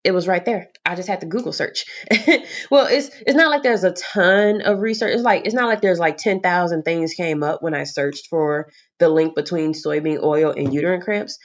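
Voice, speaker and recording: Young woman vlogger, chatty and expressive, casual swearing, slightly dull home recording. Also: fairly low pitch, normal speed. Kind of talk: casual storytelling to camera.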